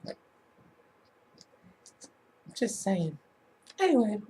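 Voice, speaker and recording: A woman vlogger telling a story in a casual, animated way and laughing as she talks. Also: medium pitch, extremely slow, a little hiss or hum.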